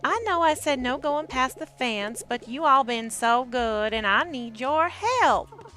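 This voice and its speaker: Woman voicing a mama bear, put-on southern accent, teasing, high-pitched. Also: animated, measured pace, bright, forceful tone, faint music behind, full character voice. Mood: cheerful. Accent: put-on American Southern. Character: motherly middle-aged female bear, cheerful and teasing.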